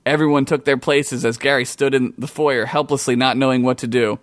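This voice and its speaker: A man's voice: mid-range voice, steady tone, fairly quick, dry recording, studio quality. A man narrating a comedic improvised tabletop story as game master, laughing often as he goes. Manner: laughs often while narrating, crude jokes.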